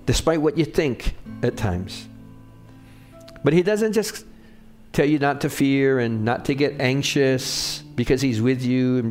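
A middle-aged male pastor preaching in a relaxed, conversational way, telling personal stories and checking in with the congregation as he goes. His voice sits at an ordinary middle pitch, with a soft guitar playing faintly behind him. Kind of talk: sermon with personal storytelling.

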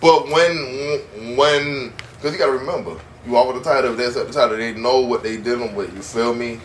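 A man's voice: mid-range voice, normal speed, hardly any pauses, a little hiss or hum. A man in a heated casual debate, boastful and defiant, leaning on "you feel me".

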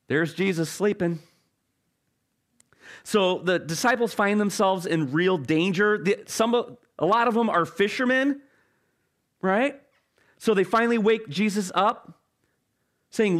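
A man preaching a sermon as pastor, telling an animated story with halting restarts. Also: sits high.

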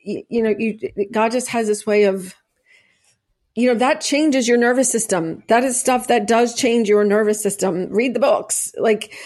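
A woman's voice: a little high, measured pace, a little mellow. A middle-aged woman, a podcast guest, talking earnestly and at length, with many restarts and fillers. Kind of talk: conversational interview, personal testimony.

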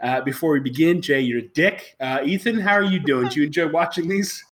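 A man hosting a comedy podcast about bad anime, talking in a rambling, halting way and laughing often. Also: on the high side, a bit bright. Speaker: podcast host. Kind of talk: casual comedy podcast chat.

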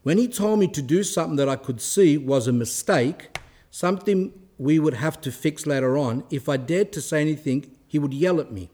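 A man giving a spiritual talk with a somewhat high-pitched voice. He reads passages aloud and then explains them in plain, conversational words, with the odd restart. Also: moderate pace, mellow, slightly rough. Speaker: religious teacher. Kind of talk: spiritual talk reading and commenting on a saint's life.

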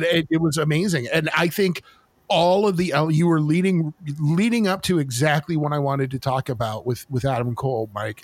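Excited, fast-rambling man, fairly high voice. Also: dry recording. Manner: excited, profane, rambling with restarts. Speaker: podcast co-host. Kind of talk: casual chat.

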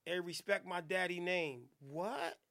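Guy hosting a radio show, high voice with lots of gravel, cussing and riffing. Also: unhurried. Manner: profane, animated riffing. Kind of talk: casual podcast banter. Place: radio studio.

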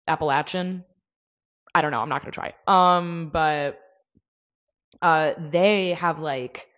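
A young woman hosting a casual solo podcast, chatting in a rambling way with many fillers. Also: low-pitched. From United States. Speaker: podcast host.

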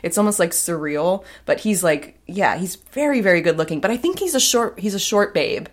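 A woman with a notably low-pitched voice co-hosts a casual podcast chat. She recaps a film in a loose, rambling way, leaning on fillers and restarting her sentences often. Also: lively intonation, fairly quick. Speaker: podcast co-host.

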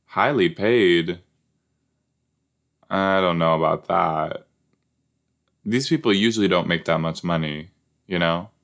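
Male podcast host, unhurried rambling commentary at a table, playful. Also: deep voice, gravelly, a bit bright. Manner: rambling, joking, repeats lines in silly voices. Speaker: podcast host watching a show. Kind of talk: casual watch-along commentary. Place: at a table indoors.

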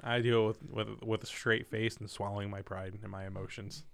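A young man in his twenties telling a personal story in casual, profane, animated talk. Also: fairly low pitch, moderate pace, vocal fry, slight background noise. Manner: candid, profane, animated retelling.

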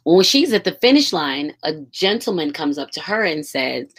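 A woman on a school staff tells a story in a loose, conversational way. Her voice sits a little low, and she sounds moved and animated, with a curse word here and there. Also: moderate pace, slightly rough. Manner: emotional, animated, casual with swearing. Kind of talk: casual storytelling.

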